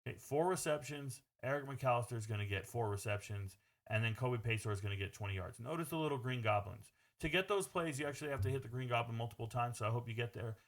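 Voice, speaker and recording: A man's voice: medium pitch, fast, hardly any pauses. A man talking through his sports betting picks in a casual, brash monologue, blunt and swearing freely as he addresses viewers as "bro.".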